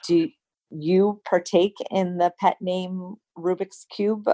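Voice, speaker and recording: Playful, giggly woman with a lowish voice. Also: steady tone, takes it slowly, dark tone, no echo. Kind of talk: casual chat.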